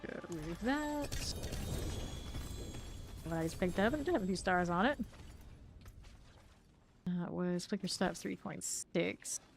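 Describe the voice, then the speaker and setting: A woman's voice: on the low side, slow pace, vocal fry, pauses often, soft background music. A woman streamer chatting casually and thinking aloud while she sorts loot during gameplay commentary.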